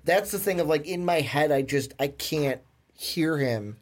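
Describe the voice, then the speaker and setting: A man co-hosting a casual film podcast, animated and steering the talk, with frequent "um"s. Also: on the high side, a little slow. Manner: animated, steers the conversation with many "um"s. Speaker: podcast co-host. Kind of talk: casual chat.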